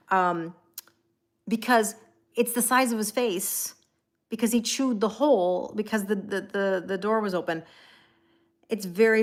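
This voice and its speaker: Here a tarot reader with a mid-range voice does a casual, rambling live-stream reading. She welcomes viewers by name and fills her talk with fillers and self-corrections.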